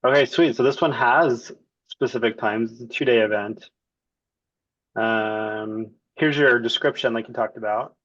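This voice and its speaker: A man acting as the client, casually walking through a software demo and thinking aloud as he clicks around. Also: mid-range voice, a little slow, no room sound, dull audio.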